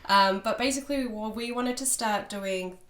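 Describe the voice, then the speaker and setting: A woman with a hoarse, sick voice, co-hosting a casual chat podcast. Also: a little high, moderate pace, reverberant, distant mic. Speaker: podcast co-host.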